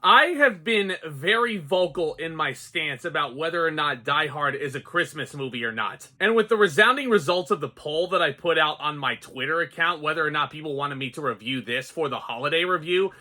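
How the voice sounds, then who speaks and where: A young adult man giving an excitable, chatty movie review, addressing his viewers as guys. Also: on the high side, brisk, hardly any pauses. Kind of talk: casual spoken movie review.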